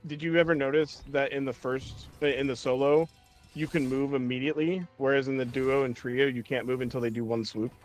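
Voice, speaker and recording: A man's voice: mid-range voice, fairly even intonation, a little fast, faint music behind. A man commentating a speedrun race in a rambling, self-mocking way. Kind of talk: casual game commentary.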